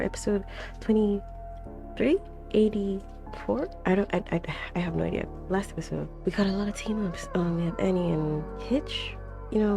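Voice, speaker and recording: A young woman hosting an anime reaction, chatting casually with a tired, slightly raspy throat and bursting into gasps and exclamations. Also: on the low side. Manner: animated, gasps and exclaims loudly, chatty with fillers.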